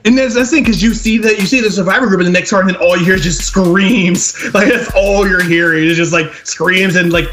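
Young male podcast co-host, lively storyteller who acts out quotes, somewhat high-pitched, light music underneath. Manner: animated retelling, acts out quotes, laughs often. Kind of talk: casual film review chat.

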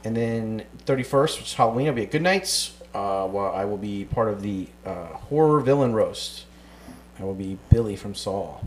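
A man's voice: lowish voice, expressive, normal speed, a little hiss or hum. A young adult man co-hosting a comedy podcast, joking in casual banter and laughing often. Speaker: podcast co-host and stand-up comedian.

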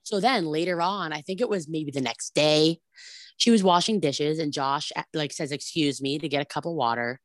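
Gossipy woman recapping tv drama, lowish voice, acts out all the quotes, dead dry sound. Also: normal speed, no room sound. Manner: animated storytelling, acts out quotes, many "like"s. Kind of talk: casual chat recapping a reality show.

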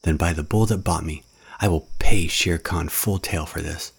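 A man voicing an eager boy raised by wolves, his voice pitched up from his own. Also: normal speed, creaky, slightly rough, full character voice.

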